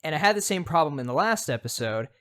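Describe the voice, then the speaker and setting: Man co-host, casual chat, easygoing and measured. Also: fairly high pitch, very animated, fairly bright tone. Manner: easygoing, affirming, measured storyteller. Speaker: podcast co-host.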